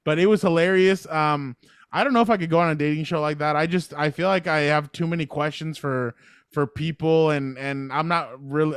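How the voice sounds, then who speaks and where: A fairly high-pitched, clean-toned man's voice is heard in a dry, studio-quality recording. He's a Latino American podcast co-host in his thirties, chatting in a casual way, rambling, and quick to laugh.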